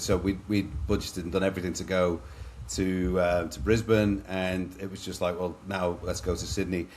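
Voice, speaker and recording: This is a middle-aged man from Liverpool with an English accent and a low, deep voice. He is a guest on a podcast interview, telling his own stories in a chatty, anecdotal way and often calling the host "mate". A faint hiss sits under the recording. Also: a little mellow. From Liverpool, England. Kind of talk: candid storytelling in a podcast interview.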